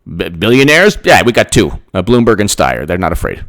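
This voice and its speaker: In this clip the channel host's voice is lowish, fairly bright and very animated, moving a little fast. He keeps up a rambling, sarcastic political rant on his own, repeating points and mocking others with put-on voices.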